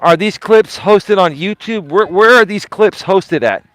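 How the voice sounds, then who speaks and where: A man hosts a casual livestream in a high, fairly bright voice, speaking a little slowly with no echo. He talks directly to his chat, firing off pointed questions, emphatic and defensive, repeating himself for effect.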